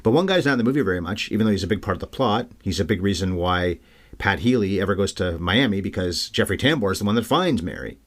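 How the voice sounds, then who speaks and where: A man co-hosting a podcast, chatting casually and with energy about a film. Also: low-pitched. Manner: chatty, animated, quick. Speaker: podcast co-host. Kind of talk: casual film-review chat.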